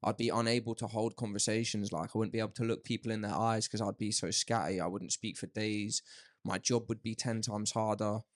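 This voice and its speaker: Fast-talking young man, rambling. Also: lowish voice, flat delivery. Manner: rambling, candid, peppered with "mate". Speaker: podcast host. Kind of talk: casual podcast chat.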